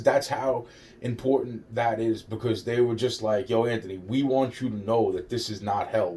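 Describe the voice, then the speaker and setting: A vlogger with a dark, medium-pitched voice tells a personal story in rambling first person. He swears, restarts often and slips into quoted dialogue.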